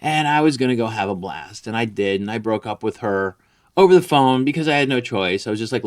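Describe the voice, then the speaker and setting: A man's voice: medium pitch, expressive, a little fast. A man ranting crudely about an ex, boastful, vulgar and rambling, as a comedy vlogger.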